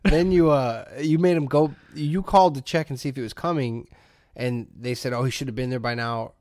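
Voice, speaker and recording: A man's voice: mid-range voice, fairly even intonation, a little fast, a little mellow, no echo, studio quality. A man co-hosting a casual podcast, joking around, laughing often and slipping into silly voices. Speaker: podcast co-host. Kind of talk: casual chat.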